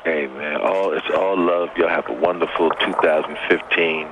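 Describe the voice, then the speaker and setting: A man's voice: a bass voice, moderate pace. A man in his fifties, an interview guest chatting in an easygoing, laid-back way. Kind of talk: casual interview chat. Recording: muffled lo-fi line with noise.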